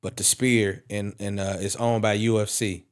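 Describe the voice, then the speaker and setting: A man on a wrestling podcast panel, chatting casually and telling animated stories, swearing freely as he goes. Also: fairly low pitch, moderate pace. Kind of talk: casual chat.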